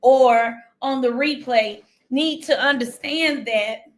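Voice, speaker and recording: A woman preaching a livestream sermon, fervent and emphatic, repeating her phrases and slowing down to read scripture, close to tears. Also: sits high. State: near tears.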